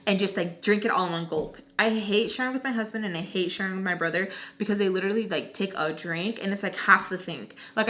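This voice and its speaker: Chatty young woman with a bright voice. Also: mid-range voice. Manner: chatty, filler-heavy with "like". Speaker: vlogger telling a story. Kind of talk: casual storytelling.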